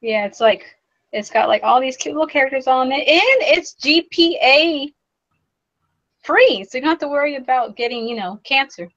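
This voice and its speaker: A woman's voice: sits high, expressive, normal speed, a bit bright, lo-fi sound. A woman co-hosting a podcast, chatting in a bubbly, casual way about her game pickups. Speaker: podcast co-host. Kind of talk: casual chat.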